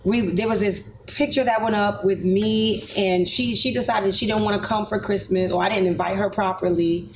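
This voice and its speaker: Animated woman telling a personal story. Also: medium pitch, moderate pace, few pauses. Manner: animated, acts out her own past quotes. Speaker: podcast guest. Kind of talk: casual storytelling. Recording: noisy podcast recording.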